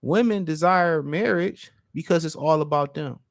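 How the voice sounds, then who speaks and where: A man's voice: on the high side, normal speed, gravelly. A middle-aged man, giving a rambling, casual opinion monologue as a vlogger, full of fillers and restarts.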